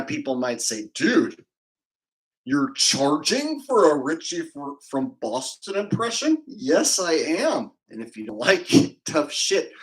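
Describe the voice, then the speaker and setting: On a rough recording, a man with a medium-pitched voice livestreams and chats casually with his viewers. He jokes around and rambles off the cuff.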